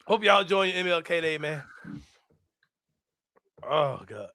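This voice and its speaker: High bright-voiced laughing man. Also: big pitch swings, a little slow, dry recording, clean studio sound. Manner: loud, laughing storyteller, profane. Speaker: podcast host. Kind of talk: casual sports-show chat.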